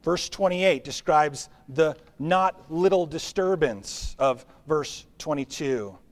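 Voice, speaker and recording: A man preaching a sermon as pastor, with a conversational, animated delivery. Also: fairly high pitch, takes it slowly. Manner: animated, conversational preaching with acted-out crowd voices.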